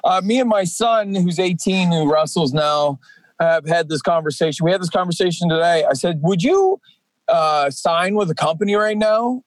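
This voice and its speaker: A man's voice: on the high side, moderate pace, no room sound, rough recording. A man in his forties, a professional wrestler guesting on a podcast, talking casually and rambling with many fillers and restarts. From Atlantic Canada.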